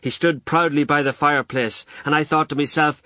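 Guy reading a novel out, wry and lively, bright crisp voice, dry close sound. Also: a little high, fairly quick, no echo. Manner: wry, lively storytelling with colloquial turns. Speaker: audiobook narrator. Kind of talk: first-person novel narration.

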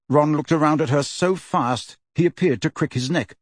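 An audiobook narrator, a man with a fairly high voice, reads a novel aloud in a steady, measured storytelling manner. It's scripted narration with studio quality and no room sound.

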